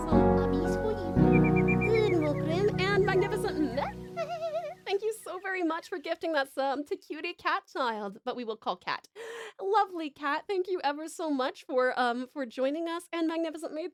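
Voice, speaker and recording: A woman's voice: sits high, no room sound, clean studio sound. An Australian woman from Tasmania chatting with viewers on a live stream, gushing with thanks and swearing casually.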